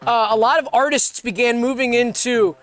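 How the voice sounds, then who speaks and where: A man co-hosting a comedy podcast, pitching sketch ideas in a meandering, rambling way. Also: steady tone, normal speed, fairly bright tone, faint music behind. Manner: meandering, restarts often, acts out bits. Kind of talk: rambling casual brainstorming.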